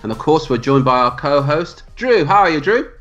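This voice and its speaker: A man's voice: fairly high pitch, animated, normal speed, a bit bright, highs cut off, faint music behind. A man hosting a podcast interview, upbeat and jokey. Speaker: podcast host.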